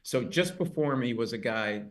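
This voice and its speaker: A middle-aged comedian, a guest in an interview, spins a comic anecdote briskly and with animation. Whenever he quotes someone, he jumps into loud, high-pitched voices.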